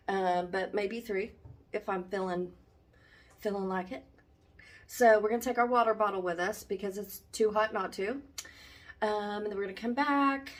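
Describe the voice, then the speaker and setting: A woman chatting casually to her phone camera, rambling with many ums, talking at home and later outdoors on a walk. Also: medium pitch. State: a little out of breath. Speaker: vlogger. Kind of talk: casual vlog chat. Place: home indoors, then outdoors on a run. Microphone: handheld phone.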